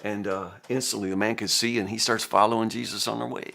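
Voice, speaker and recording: A man's voice: fairly low pitch, fairly even intonation, quick pace, gravelly, sharp tone. A man giving a casual Bible devotional talk in a folksy, conversational way, stumbling over repeated words and acting out quotes.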